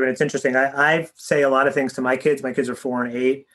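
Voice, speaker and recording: A man's voice: mid-range voice, fairly even intonation, brisk, fairly bright tone. A man in his thirties interviewing a guest, asking long rambling questions with frequent restarts. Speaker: interviewer, teacher.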